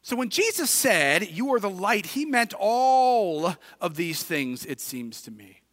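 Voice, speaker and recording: A male pastor with a Midwestern American accent preaching a sermon, moving from quiet reflection to shouted emphasis. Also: high-pitched, very animated, slow. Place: church sanctuary. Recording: reverberant hall, distant at times.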